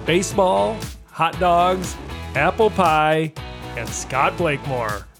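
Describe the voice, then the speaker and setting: A male podcast host with a high voice who introduces his guests with playful, over-the-top hype. He keeps the banter light and casual. Music plays clearly under his voice. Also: lively intonation, takes it slowly.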